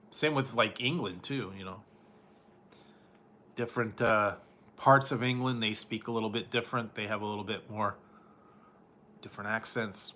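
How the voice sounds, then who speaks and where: A man talks slowly and easily, as if hanging out with viewers on a late-night stream. His tone is bright and a bit pressed, he chuckles often, and he drops into playful stereotype voices. A faint hum of room ambience sits behind him. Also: on the low side. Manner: laid-back, chuckles often, playful surfer-dude mimicry. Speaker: food vlogger chatting with viewers. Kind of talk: casual live-stream chat.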